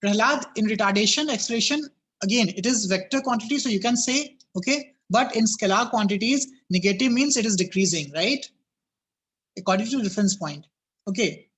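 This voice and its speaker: A man's voice: sits high, lively intonation, brisk, a bit bright. A man teaching a physics class over a video call, his voice cracking, repeatedly asking students "yes or no?" and telling them to think about it.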